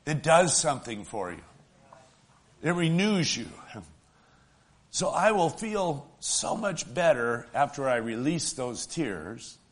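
Preacher guy, mid voice, folksy sermon, gets loud and slow then drops real soft. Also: mid-range voice, sing-song. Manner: folksy, asks the congregation "right?".

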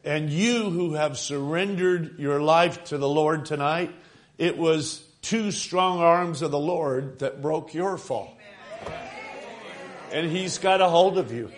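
A man preaching a sermon, earnest and emphatic, stretching key phrases and pausing with fillers between thoughts. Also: on the high side.

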